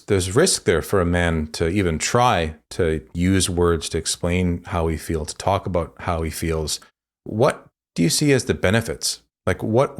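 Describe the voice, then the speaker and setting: Deep-voiced man, halting and earnest. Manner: halting, earnest, many restarts. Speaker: podcast host. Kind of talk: podcast interview.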